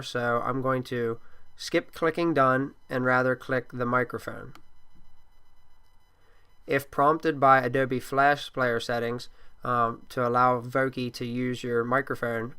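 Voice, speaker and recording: A man speaking into a computer microphone as he steps through a software tutorial. His voice is smooth and clear, and it stays level with little rise and fall. He sounds like a teacher giving plain, steady instructions. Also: mid-range voice. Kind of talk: screen-recorded software tutorial.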